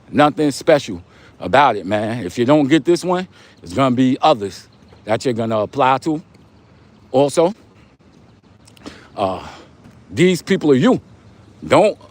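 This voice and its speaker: A young man from Long Island, hosting a casual livestream, giving motivational talk in street slang and repeating his points. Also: medium pitch. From Long Island, New York. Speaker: livestream host.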